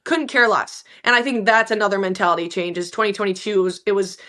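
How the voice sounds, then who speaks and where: A young woman, an Olympic hockey player, chatting in an interview and telling animated stories with quoted lines and frequent laughs. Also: mid-range voice, fast talker. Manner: animated storyteller, laughs often, acts out quotes. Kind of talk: casual interview chat.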